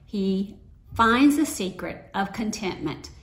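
A woman's voice: mid-range voice, expressive, slow. A woman giving a sermon in a conversational, storytelling way, with personal anecdotes. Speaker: preacher. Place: church sanctuary. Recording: roomy echo.

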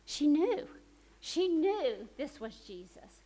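Woman preaching, kinda high voice, tells it all animated then goes real quiet and soft. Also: slow pace, low-quality recording. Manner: animated retelling that swings from urgent to hushed. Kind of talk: storytelling sermon.

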